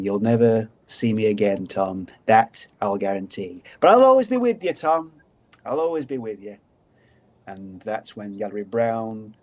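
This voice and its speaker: A man, a guest storyteller on a podcast, narrating a folk tale in a lively, dramatic way. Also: fairly low pitch.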